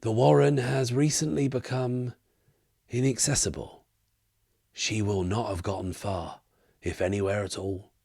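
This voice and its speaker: Old tavern keeper, cautious and weary, low murmured warnings, as a solo game narrator puts him on; very deep, dry sound. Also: male voice, fairly even intonation, a little slow, creaky, mellow, breathy edge, no echo, heavily acted. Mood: conspiratorial. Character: elderly male barkeep, weary and cautious.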